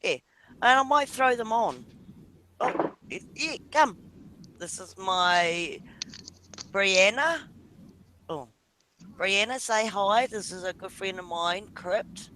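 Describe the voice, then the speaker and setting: New Zealand dad, slow and rambly, casual video-call chat, light background noise. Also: male voice, sits high, lively intonation, sharp tone. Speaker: parent.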